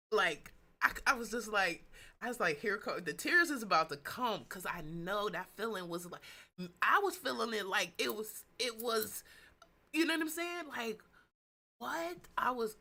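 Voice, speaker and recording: Woman livestream host, casual and excitable, with a bright, forceful tone set a little low, swinging between gushing and low asides. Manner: reads viewer comments aloud. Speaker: host of a live business stream.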